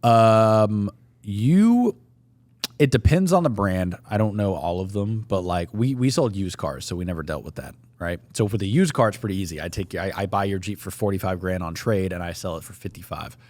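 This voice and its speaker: Casual podcast co-host, male, low-pitched, brisk and matter-of-fact, dry room. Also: lively intonation, darkish tone, dry recording. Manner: explains with profanity, plain and matter-of-fact. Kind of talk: casual chat.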